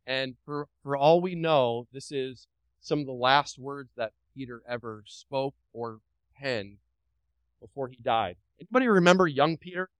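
A man's voice: medium pitch, unhurried, clean tone, no echo, poor audio. A pastor delivering a sermon to his congregation. He preaches emphatically, repeats phrases, asks the room questions and drops light joking asides.

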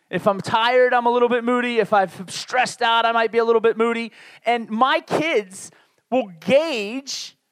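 A man's voice: extremely high pitch, a bit bright, dry recording, studio quality. A man in his forties, raised in the Northeastern United States, preaching a sermon in a candid, conversational way with self-deprecating asides. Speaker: pastor.

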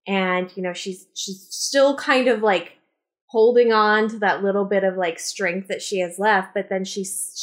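A woman on a casual movie podcast, telling stories animatedly with lots of fillers. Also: medium pitch. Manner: animated storytelling with many fillers. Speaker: podcast co-host.

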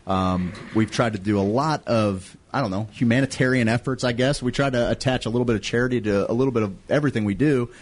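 A man's voice: mid-range voice, quick pace, hardly any pauses. A man hosting a radio show in a studio, chatting casually, stumbling over words and laughing often. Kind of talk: casual morning radio chat.

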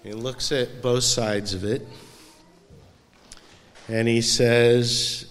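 Slow-talking man preaching in a reverberant hall. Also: medium pitch, little pitch movement. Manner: conversational, asks the congregation questions. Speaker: pastor. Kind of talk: sermon.

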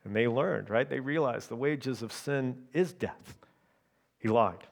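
Man preaching, emphatic and measured. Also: mid-range voice, vocal fry. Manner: checks in with the congregation through repeated tag questions. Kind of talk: sermon.

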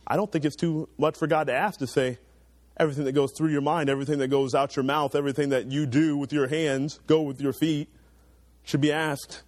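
A young man preaches to a youth audience in an earnest, urging sermon. His voice sits in an ordinary middle pitch, climbing louder when he presses a point and sinking low and soft for asides. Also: steady tone, a little fast, no room sound.

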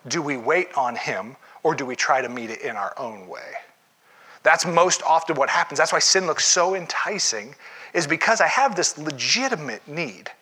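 A man preaching a sermon as a pastor, talking it through conversationally with rhetorical questions and quick restarts. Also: a little high, pushed and bright, slightly rough.

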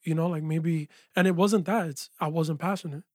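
Speaking at a normal speed, this high-voiced man, a music producer and engineer, shares his story in a casual interview, lively and peppered with "yo" and "like." The close, dry sound suggests a small studio with no echo.

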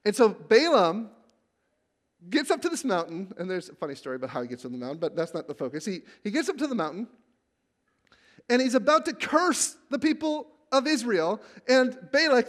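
A male pastor preaching a sermon, telling the story with animation and acting out the quotes, then growing hushed when he reads scripture. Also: sits high, sing-song, a little fast. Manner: drops to a hushed, reverent tone when reading scripture.

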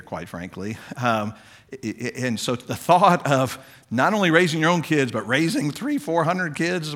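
A man's voice: a little high, a bit bright. A middle-aged man, a pastor, giving a church parenting talk in a conversational way, often restarting his sentences. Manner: conversational, restarts often, chuckles now and then.

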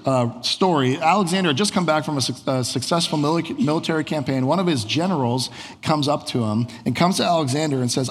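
A man preaching a sermon as a pastor, in a relaxed, conversational storytelling way full of casual fillers. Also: fairly high pitch, brisk, breathy edge. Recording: long hall reverb.

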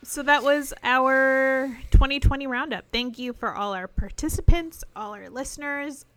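A woman's voice: sits high, moderate pace, very noisy. A woman co-hosting a podcast, chatting casually with easy laughter and sarcastic asides. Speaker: podcast co-host. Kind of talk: casual chat.

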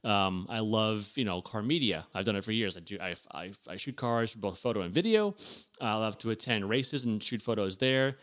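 A man's voice: on the low side, expressive, a bit bright. A man co-hosting a casual car podcast, speaking in an easygoing, agreeable way. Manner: easygoing, agreeable, quick backchannels. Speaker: podcast co-host.

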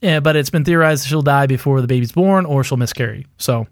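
A man co-hosting a casual chat talks a little fast at medium pitch, rambling through a theory with lots of fillers and laughs at his own expense. He's a podcast co-host, and the clean studio sound has no echo.

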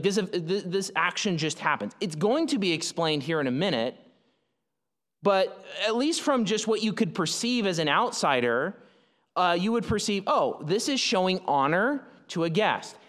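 Man, pastor preaching, fairly high voice, chatty explaining, long hall reverb. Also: a bit bright. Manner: conversational, explanatory, frequent fillers and restarts. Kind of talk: sermon.

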